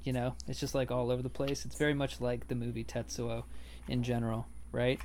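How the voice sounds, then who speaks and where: A man's voice: mid-range voice, completely flat delivery, a little fast, a little mellow. A man hosting a casual podcast, talking in a loose, rambling way and swearing freely. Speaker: podcast host.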